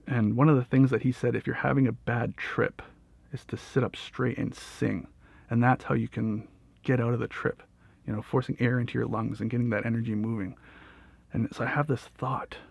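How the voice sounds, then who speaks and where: A man's voice: medium pitch, flat delivery, normal speed, creaky, a little mellow, husky, no echo. A young man telling a personal story in a casual, rambling way, with lots of fillers, swearing and laughter. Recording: dull, dry lo-fi audio.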